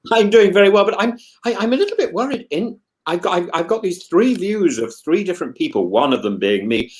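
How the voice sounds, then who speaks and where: Man, podcast co-host, casual chat, stammering, effusive, very animated intonation. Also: sits high, a little fast.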